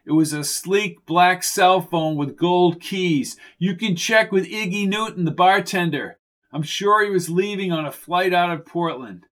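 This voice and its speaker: Calm, patient handyman, read by a man; matter-of-fact and reassuring, audiobook. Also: high voice, measured pace, voice pushed up.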